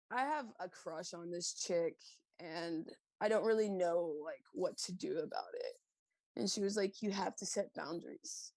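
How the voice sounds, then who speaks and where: A woman's voice: lowish voice, moderate pace, a little mellow, no echo. A woman guest on a podcast, talking in a candid, reflective way with lots of fillers. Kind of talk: casual conversation.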